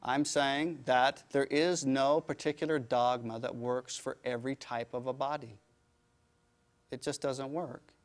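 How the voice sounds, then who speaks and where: A man's voice: mid-range voice, unhurried. A man teaching yoga, answering audience questions with emphatic, rhetorical explanations. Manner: emphatic, rhetorical, animated storytelling.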